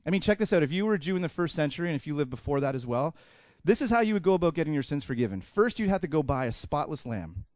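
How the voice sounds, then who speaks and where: A man preaching a sermon as a pastor, animated, voicing the thoughts of people in the story and swinging between loud bursts and hushed asides. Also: on the high side, racing, few pauses, no room sound, studio quality.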